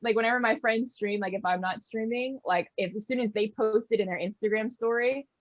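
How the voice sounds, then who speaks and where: A woman streamer chatting casually, telling animated stories and acting out what other people said. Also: a little high, brisk, no echo, dull audio. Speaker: streamer guest. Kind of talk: casual chat.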